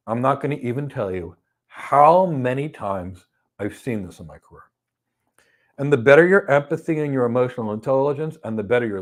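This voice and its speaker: A middle-aged man hosting a question and answer session, giving career advice and acting out little stories with quoted voices. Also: medium pitch. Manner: animated storytelling, acts out quoted people. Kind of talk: live Q&A advice talk.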